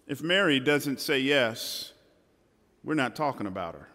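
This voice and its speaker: A man preaching a dramatic sermon from a stage in a church hall, shifting between loud and hushed passages. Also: medium pitch, lively intonation, measured pace. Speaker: pastor.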